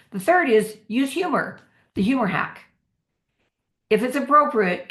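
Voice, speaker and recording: A middle-aged woman giving a motivational workshop talk as a parenting coach, energetic and slowing down to stress key phrases. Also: on the low side, vocal fry.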